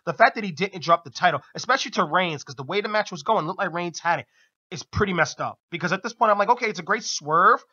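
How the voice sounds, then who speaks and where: A high-pitched man with a bright, forceful tone, co-hosting a radio show and recapping wrestling in an excited, casual way. He laughs often and shouts out quotes in a sharp voice. The recording has a dull, lo-fi broadcast sound. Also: fast, slightly rough.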